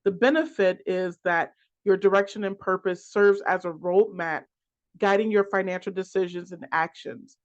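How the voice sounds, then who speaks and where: A financial coach giving a class lecture, working through a list of points in a halting way with restarts and repeated words. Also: medium pitch. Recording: dull lo-fi recording.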